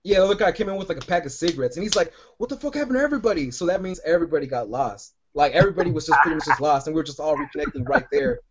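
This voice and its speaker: A man's voice: fairly high pitch, racing, few pauses, background noise. A man telling a long rambling story on a podcast, swearing a lot and padding it with "like" and "right?". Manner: rambling, profane, lots of "like" and "right?". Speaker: podcast co-host. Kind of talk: casual storytelling. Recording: dull lo-fi sound.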